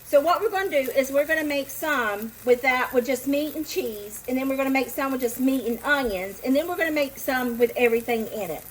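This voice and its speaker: A woman's voice: high voice, a little fast, few pauses, slight background noise, poor audio. A woman hosting a casual home cooking video, chatting and joking at her own mistakes as she works. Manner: self-mocking, chatty, talks to viewers while cooking. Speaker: cooking vlog host. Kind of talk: casual cooking demo chat. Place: home kitchen. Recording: home kitchen with loud sizzling. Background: frying and sizzling pan.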